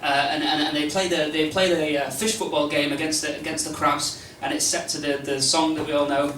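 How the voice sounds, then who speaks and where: A stand-up comedian rambles through his set in a fairly high voice, tripping over restarts and dropping deadpan asides. He is caught from a distance in an echoey club, with noise hanging behind him. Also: brisk. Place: comedy club stage with a live audience. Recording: roomy live club recording from a distance, noisy.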